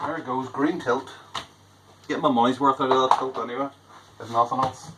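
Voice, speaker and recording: A man's voice: mid-range voice, steady tone, fairly quick, very noisy. A man chatting casually through a home-brewing vlog, rambling and poking fun at himself. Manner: chatty, rambling, self-deprecating. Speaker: homebrewer.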